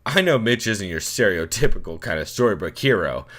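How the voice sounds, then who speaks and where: A man's voice: fairly low pitch, expressive, a little fast, a bit bright. A young man hosting a let's play, reading a text game aloud and joking with lots of swearing. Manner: profane, joking, riffing.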